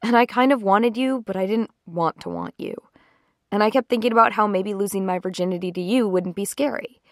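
A woman's voice: medium pitch, fairly quick, no echo, clean studio sound, voice pushed up, lightly acted. A woman voicing a nervous young woman who hesitantly confides in her boyfriend, during a story reading. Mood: confiding. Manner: hesitant, soft and confessional. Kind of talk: story reading with character voices.

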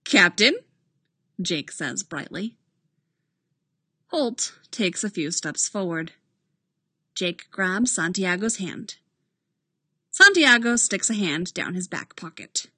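Slow, expressive woman reading a story. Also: fairly low pitch, breathy edge, no echo. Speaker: reader. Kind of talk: reading fan fiction aloud.

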